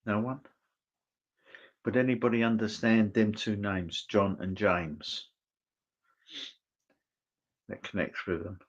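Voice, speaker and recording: A deep-voiced man works as a medium in an online church service, passing on messages in a slow, unhurried way. He pauses often and keeps checking in with his listener in a gentle, reassuring tone. The sound is dull and lo-fi, like an online stream. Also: level tone. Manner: halting and hesitant, checking in with "okay?". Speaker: spiritualist medium.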